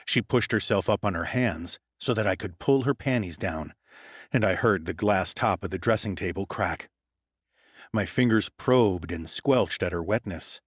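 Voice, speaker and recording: A man's voice: deep voice, slightly rough, dry recording. A man reading a first-person story as an audiobook narrator, in a cool, matter-of-fact delivery on a close mic.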